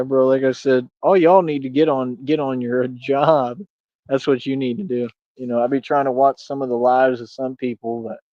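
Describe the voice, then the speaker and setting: A man's voice: mid-range voice, dry recording. A man hosting a livestream, rambling boastfully and taunting his chat in slangy, casual talk. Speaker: livestream host. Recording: dull, lo-fi dry mic.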